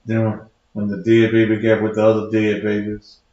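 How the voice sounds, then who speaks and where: A man's voice: fairly low pitch, completely flat delivery, moderate pace, mellow. A man hosting a show, delivering a preachy, sarcastic rant. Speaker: host. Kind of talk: mocking talk-show rant. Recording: very echoey, dull lo-fi sound.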